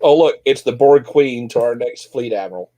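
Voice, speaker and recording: A man's voice: mid-range voice, normal speed, dark tone. Joking man telling stories. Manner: joking storyteller who acts out quoted voices. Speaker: host of a group chat show. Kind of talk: casual group chat.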